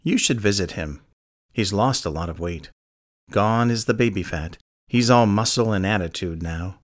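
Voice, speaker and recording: A man's voice: fairly low pitch, normal speed, lightly acted. A man voicing a creepy grown man who admires a killer, speaking in an insinuating, mocking way. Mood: sly. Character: creepy grinning adult man, fan of murders. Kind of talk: audiobook character reading.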